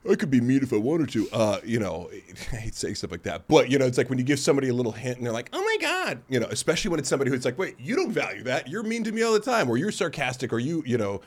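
A man's voice: medium pitch, expressive, racing, hardly any pauses, husky. A man hosting a podcast in casual chat, rambling and self-deprecating, acting out other people's lines as he tells stories. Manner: rambling and self-deprecating, acts out quoted voices. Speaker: podcast host.

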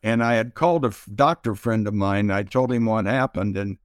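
An older man telling stories as an interview guest, halting with many pauses and fillers. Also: fairly low pitch, dry recording, studio quality. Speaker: interview guest, retired pitcher. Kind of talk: slow reflective storytelling.

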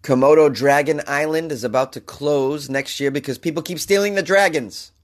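A man's voice: on the high side, normal speed. A man hosting a comedic news podcast, under the weather, reading stories and ranting in exasperation. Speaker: podcast host.

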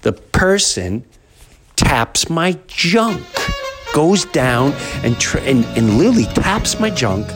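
Animated man telling a comic story. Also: fairly high pitch, slow, over music. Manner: animated, exaggerated storytelling with many restarts. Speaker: podcast host. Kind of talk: comedic storytelling.

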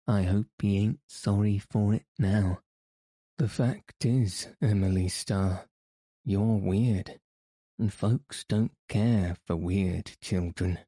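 A man's voice: on the low side, mellow, no room sound. A man reading the part of a blunt, nagging woman housekeeper who scolds in an audiobook.

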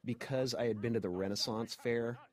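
A man on a film commentary track, telling stories in an excitable, animated way. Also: medium pitch, brisk. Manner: animated, excitable storyteller with wild swings. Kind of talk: casual commentary chat.

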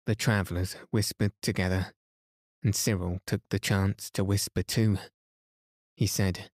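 A man reading a bedtime story aloud in a calm, soothing, unhurried way, as a sleep podcast host. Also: low-pitched, dry recording, clean studio sound.

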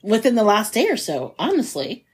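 A woman's voice: medium pitch, wildly swooping pitch, normal speed, husky. A woman co-hosting a podcast, laughing easily in casual chat and recapping a news story for her co-host.

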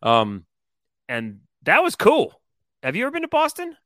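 A man telling a story on a podcast in a casual, animated, profane and rambling way. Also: high-pitched, normal speed, no room sound, studio quality. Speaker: co-host.

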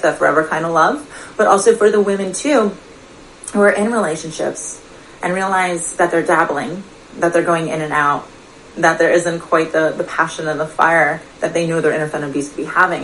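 Earnest woman coach, low-pitched. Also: slight background noise, low-quality recording. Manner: earnest, confiding, asks the listener questions. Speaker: personal development coach. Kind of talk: motivational direct-to-camera talk.

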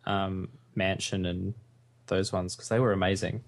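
Guy on a podcast, lowish voice, kinda excited. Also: unhurried, vocal fry. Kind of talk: casual chat.

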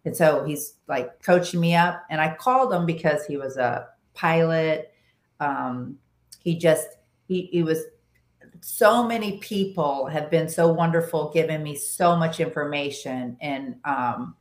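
A low-voiced woman, a long-distance motorcycle rider appearing as a podcast guest, shares a story in relaxed conversation at a measured pace. She's animated, often restarting sentences and acting out other people's words. The room around her sounds echoey.

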